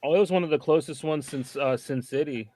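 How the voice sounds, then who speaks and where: A man from Northern California in casual chat, relaxed and swearing freely. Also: a little high, fairly quick, crowd noise. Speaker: podcast co-host.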